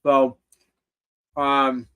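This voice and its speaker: A man's voice: medium pitch, monotone, extremely slow, sharp tone, smooth. An older man hosting a casual livestream, rambling and swearing with loose laughter. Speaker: host.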